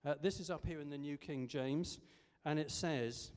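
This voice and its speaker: A man's voice: a little high, moderate pace, darkish tone, clear, resonant tone. A man preaching a sermon in a conversational way, with frequent ums and restarts. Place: church service. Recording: echoey church hall.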